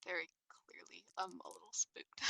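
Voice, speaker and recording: Woman player, kinda hesitant, talks slow, lots of ums. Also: fairly high pitch, steady tone, vocal fry, bright, forceful tone, no room sound, low-quality recording. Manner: hesitant, full of fillers. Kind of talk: tabletop role-play game on stream.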